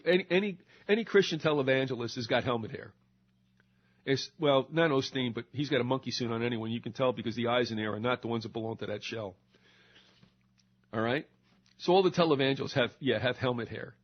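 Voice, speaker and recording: A man's voice: mid-range voice, a little fast, pauses often. An older American man hosting a show, ranting sarcastically and mocking politicians in put-on voices. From United States. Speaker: radio show host. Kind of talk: ranting monologue. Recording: slightly dull lo-fi recording.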